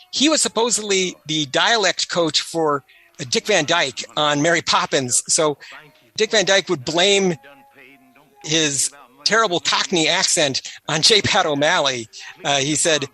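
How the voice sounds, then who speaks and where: Bright, chatty man giving film commentary. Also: a little high, animated, unhurried. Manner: chatty, anecdotal, trivia-filled.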